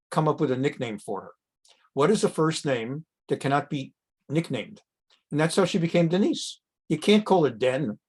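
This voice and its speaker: A middle-aged man, a rabbi, teaching a conversational class on a Bible text, reading Hebrew passages and translating them with asides, jumping up in pitch when he acts out quotes. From America. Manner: animated, jumps up in pitch when acting out quotes.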